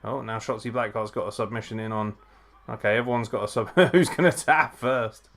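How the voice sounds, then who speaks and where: A young man hosting a live wrestling watchalong, reacting excitedly, swearing often and breaking into laughs and shouts. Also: mid-range voice, brisk, vocal fry.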